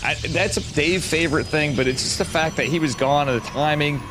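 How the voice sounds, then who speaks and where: A man's voice: on the high side, fairly quick, noisy background. A man casting an esports match, chatting casually with a rambling, joking manner and frequent swearing. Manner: rambling, jokey, swears freely. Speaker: esports caster.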